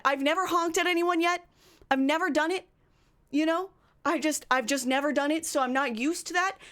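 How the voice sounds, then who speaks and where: A woman streamer chatting casually with her live viewers, telling a story in an animated way and climbing higher as she gets worked up.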